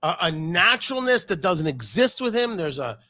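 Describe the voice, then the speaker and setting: A man's voice: sits high, sing-song, moderate pace, bright, forceful tone. A man hosting a casual chat about football, opinionated and emphatic, with frequent stumbling restarts. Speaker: podcast host.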